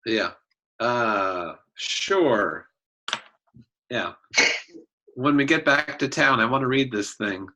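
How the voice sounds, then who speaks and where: A man's voice: mid-range voice, slow pace, pauses often, bright, forceful tone, rough recording. A man playing a tabletop game, talking in an easygoing way with hesitant fillers. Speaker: player.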